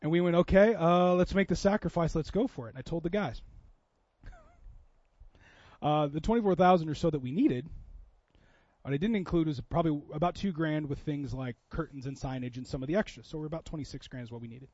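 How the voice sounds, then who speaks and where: A man's voice: fairly high pitch, brisk, darkish tone, no room sound, dull audio. A man preaching a sermon in a church, telling a story in a conversational way that builds to impassioned preaching. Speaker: pastor.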